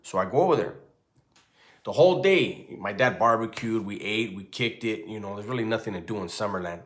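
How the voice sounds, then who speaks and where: A man's voice: on the low side, brisk. Loose-talking man in his forties telling a story. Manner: loose, profane and animated, lots of "right?" asides. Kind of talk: casual spoken storytelling.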